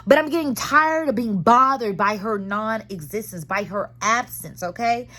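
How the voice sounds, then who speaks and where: A woman's voice: a little high, normal speed, sharp tone. A woman in her thirties talking candidly and dramatically to viewers about therapy, full of slang, recorded in her car. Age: 30s. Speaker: vlogger. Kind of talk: casual chat.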